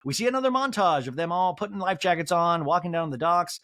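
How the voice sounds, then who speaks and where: A man hosting a podcast who recaps a reality show in a joking, animated way and acts out the quotes. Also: sits high, quick pace, few pauses, no echo, studio quality. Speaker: podcast host. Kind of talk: comedic TV recap.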